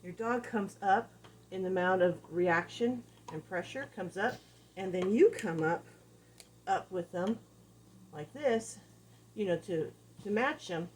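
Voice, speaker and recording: A woman dog trainer giving a casual lesson, animated and repeating key phrases as she acts out examples. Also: mid-range voice, measured pace, long pauses, a little hiss or hum. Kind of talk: casual teaching talk.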